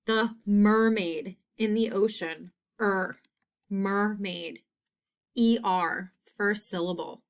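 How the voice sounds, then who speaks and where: A woman teacher talks very slowly and carefully through a spelling lesson. She sounds out letters and repeats each word in a simple example sentence. Her voice sits at an ordinary middle pitch. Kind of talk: slow, deliberate phonics lesson.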